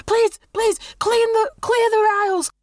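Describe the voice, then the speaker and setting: Woman doing a high jittery young monk, stammering and groveling, squeaky. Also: normal speed, dry recording. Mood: frantic. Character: panicked stuttering young male monk.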